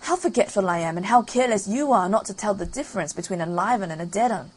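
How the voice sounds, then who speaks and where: A woman's voice: medium pitch, animated, fast talker, breathy edge, rough recording. A woman voicing the ogre's fussy, coaxing wife in a storybook reading.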